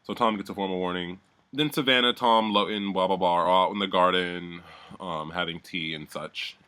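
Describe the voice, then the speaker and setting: A man's voice: deep voice, fairly even intonation, moderate pace, pushed and bright, smooth. A man giving a casual, sardonic recap of a reality show, swearing freely and rambling as he goes.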